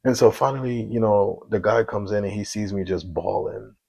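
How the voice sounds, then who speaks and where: A man's voice: fairly low pitch, fairly even intonation, moderate pace, vocal fry, a little mellow, poor audio. A man telling his own story as a single father in a casual, emotional, conversational way with some slang. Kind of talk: casual spoken testimony.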